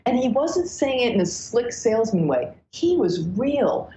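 A woman astrologer as a podcast guest, telling stories in an animated, breathless way with many restarts. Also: a little high, normal speed, few pauses, a little hiss or hum. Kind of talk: casual podcast interview. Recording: roomy, dull lo-fi sound.

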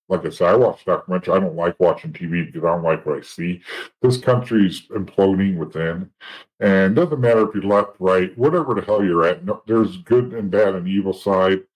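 Middle-aged guy telling street stories, low voice, blunt and swears a lot, lots of restarts. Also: a little fast, low-quality recording. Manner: blunt, profane, rambling with restarts. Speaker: guest. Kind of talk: casual storytelling.

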